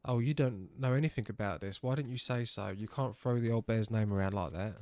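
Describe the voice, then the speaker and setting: A man's voice: on the low side, fairly quick, a little mellow, no echo, close to an everyday voice. A man reading as a wary young rebel. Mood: gruff.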